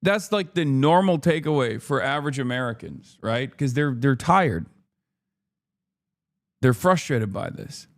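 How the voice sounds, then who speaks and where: A man on a live stream, ranting heatedly and swearing freely as he comments on politics, now and then switching into a mocking put-on voice. His voice sits at a middling pitch and comes through close and dry, with little room sound. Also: animated, measured pace, no room sound. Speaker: streamer host.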